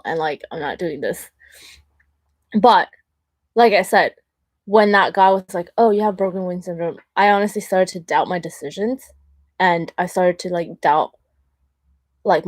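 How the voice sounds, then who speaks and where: A young woman talks straight at the listener in a loose, blunt monologue, leaning on "like" and slipping into mocking voices for quoted people. Her voice sits at an ordinary middle pitch. The sound is dry and close, with no room around it. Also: no echo. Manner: chatty, blunt, full of "like" fillers, acts out quotes in mocking voices. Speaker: host. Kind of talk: casual monologue.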